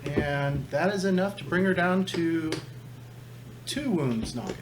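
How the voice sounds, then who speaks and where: A man's voice: on the high side, animated, a little slow. A man running a tabletop game as game master, giving rules in a matter-of-fact way. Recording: noisy home recording.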